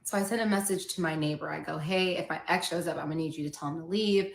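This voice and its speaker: A woman's voice: low voice, fast, vocal fry, reverberant. A woman podcast host candidly retelling a personal story and acting out the quoted dialogue.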